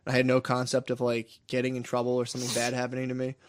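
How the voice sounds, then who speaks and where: Young man, quick profane storyteller, laughs a lot, mid pitch. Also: monotone. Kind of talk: casual chat.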